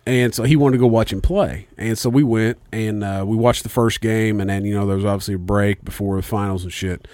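A man's voice: on the low side, fairly quick, hardly any pauses, no room sound. Profane rambling man with a dry close sound. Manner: profane, rambling, animated storyteller. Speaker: podcast co-host. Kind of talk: casual storytelling chat.

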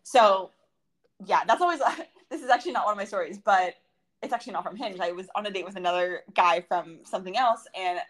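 A woman's voice: medium pitch, fairly bright tone. Chatty young woman podcast co-host. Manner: chatty and quick, with reactive interjections. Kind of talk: casual chat.

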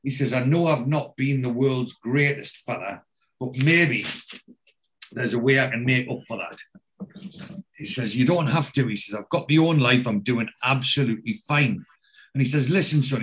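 Guy on a podcast recapping an episode, mid-pitched voice, keeps going "he says, he says". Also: animated, normal speed, fairly bright tone. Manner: retells scenes line by line, quoting dialogue with many "he says". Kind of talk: casual chat recapping a TV episode.

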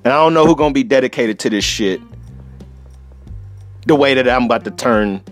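A man's voice: mid-range voice, animated, fairly quick, soft background music. A man hosting a solo podcast, telling a travel story in a profane, laughing, casual way. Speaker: podcast host.

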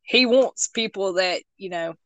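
A woman speaks in relaxed podcast chat, blunt in her views and quick to laugh along. Her voice sits at an ordinary middle pitch. The recording is close and dry. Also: no echo. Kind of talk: casual chat.

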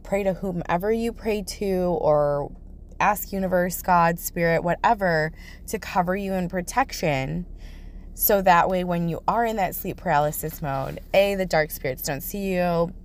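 A woman talking casually and directly to her listeners, chatty, full of "like" and "okay?" check-ins. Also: fairly low pitch.

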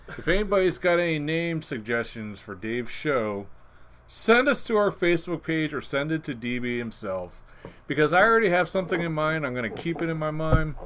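A man's voice: fairly high pitch, fairly bright tone, a little hiss or hum. A man hosting a casual podcast, joking and teasing his co-host. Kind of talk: casual chat.

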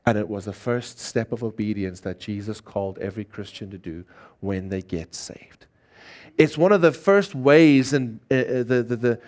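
A man preaching a sermon, earnest and emphatic, leading call-and-response in a church service. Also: mid-range voice. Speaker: pastor.

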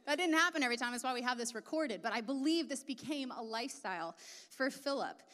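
A woman's voice: fairly high pitch, expressive, quick pace, a bit bright. A woman preaching a sermon in a casual, chatty way, full of asides. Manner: casual and chatty, many asides and filler words. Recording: long reverb of a large hall.

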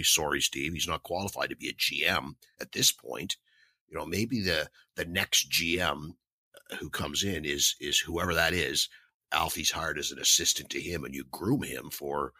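A man co-hosting a sports talk show, speaking his mind plainly. His voice is extremely deep but bright and forceful, with a husky edge, recorded dry and close. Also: no room sound. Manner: frank, plainspoken opinions. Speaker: podcast co-host.

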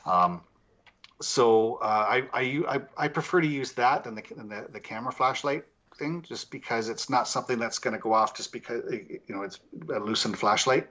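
A man's voice: mid-range voice, normal speed, a bit bright, lo-fi sound. A man who investigates the paranormal, telling stories as a guest in a casual interview and rambling through many restarts and fillers.

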